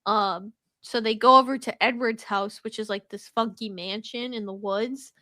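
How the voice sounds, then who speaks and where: A high-pitched woman co-hosts a casual podcast. She retells a plot in a sharp, bright voice, mocking it and laughing often. The sound is close and dry. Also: steady tone, normal speed, no echo. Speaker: podcast co-host. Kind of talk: casual chat.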